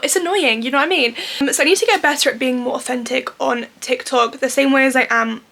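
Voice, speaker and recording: A woman's voice: high-pitched, fast talker, creaky, fairly bright tone. A woman in her twenties chatting candidly through a makeup tutorial, full of fillers like "like" and "you know". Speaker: vlogger. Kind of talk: casual makeup tutorial talk.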